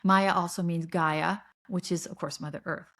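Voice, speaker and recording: A woman's voice: on the low side, steady tone, normal speed, fairly bright tone. A middle-aged woman hosting a podcast, speaking a solo spiritual monologue in an earnest, searching way, often restarting her sentences. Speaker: podcast host.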